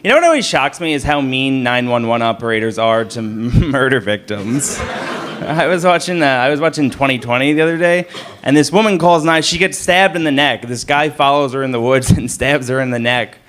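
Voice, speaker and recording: A man in his thirties doing a stand-up comedy set in a club, with a self-deprecating, deadpan delivery. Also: mid-range voice, normal speed, crowd noise. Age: 30s. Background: audience laughter.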